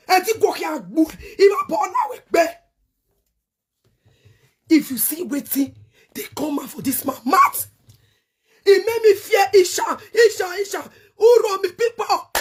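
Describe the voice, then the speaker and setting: Very high-voiced Nigerian woman ranting angrily. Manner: angry, cursing, shouts in bursts. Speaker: online show host. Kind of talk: heated rant to viewers.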